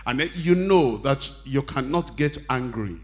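A male pastor delivers a sermon in a voice of middling pitch. He reads scripture slowly and deliberately, then acts out quoted scenes, rising high and loud for angry bosses and dropping low and soft for humble apologies. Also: lively intonation.

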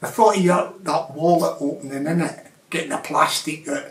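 A man's voice: on the high side, moderate pace. A man vlogging in a rambling, casual monologue, chuckling and tacking on tag questions. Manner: chatty, repeats tag questions, chuckles often. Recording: roomy, distant from the mic.

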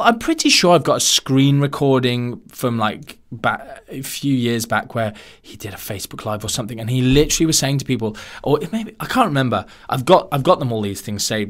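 A man hosting a podcast in a casual monologue, animated and sarcastic, wandering off on tangents. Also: mid-range voice. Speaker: podcast host.

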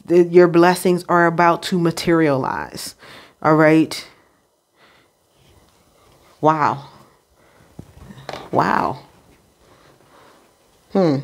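Low-voiced woman giving a spiritual reading. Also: gravelly. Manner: unhurried, frequent "all right?" check-ins; addresses the Holy Spirit aloud. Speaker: spiritual card reader. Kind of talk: intuitive reading monologue.

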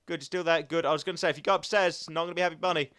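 A young man commenting as he plays a video game, chatty and excitable, talking to the animals in the game. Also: a little high, rapid-fire, clean tone. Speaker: gaming commentator. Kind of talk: playing a game with live commentary.

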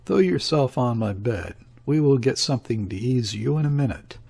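A man voicing a fussy, anxious older father who talks in urgent rushes. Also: mid-range voice, lively intonation, vocal fry, dark tone, slightly rough. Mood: fretful.

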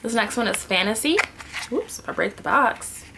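A woman's voice: fairly high pitch, animated, moderate pace, vocal fry, background noise. A woman sitting on the floor at home, talking to a camera in a casual beauty vlog, chatty and thinking aloud, often dropping to a murmur. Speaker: beauty vlogger. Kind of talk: casual product swatching vlog.

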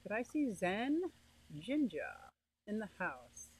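A woman's voice: medium pitch, very animated, takes it slowly, darkish tone, breathy edge, poor audio. Chatty woman hosting a livestream. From northeastern United States. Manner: chatty, reads viewer comments aloud and greets them by name. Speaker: livestream host reading chat. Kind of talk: casual livestream chat.

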